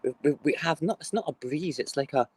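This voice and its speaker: A man's voice: on the high side, a little fast, breathy edge, low-quality recording. A man hosting a casual morning live stream from his home kitchen on his phone, talking in a chatty, rambling, playful way.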